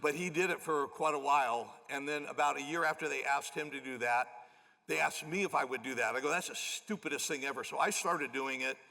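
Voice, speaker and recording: A man preaching a sermon as a pastor, telling an animated, self-deprecating story to his congregation in a large church auditorium. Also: a little high, fairly quick, vocal fry. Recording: long church hall reverb.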